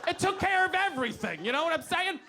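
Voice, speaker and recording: A stand-up comedian from New York with a New York accent, telling a story in an animated, loud way with shouted outbursts. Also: male voice, very high voice, fast, a loud crowd, very noisy. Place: comedy club stage. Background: audience laughter.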